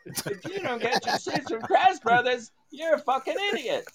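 Brash, yelling cheap-TV-ad store owner, very high voice, crowd noise behind, as a man puts him on. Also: expressive, moderate pace. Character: loud male store-owner pitchman from a cheap TV ad.

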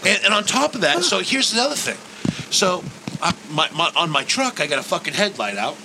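A man co-hosting a podcast, joking loudly and crudely with a congested, stuffy nose. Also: sing-song, fairly quick, background noise. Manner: loud, profane and joking, with big swoops up in pitch. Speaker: podcast co-host. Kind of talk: crude casual podcast banter.

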